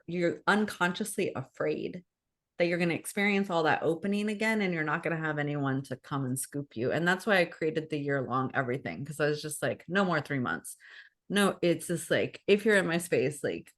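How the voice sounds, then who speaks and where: A woman wellness coach speaking frankly and earnestly on a video call, rambling with many restarts. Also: on the low side. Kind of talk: casual talk on a group video call.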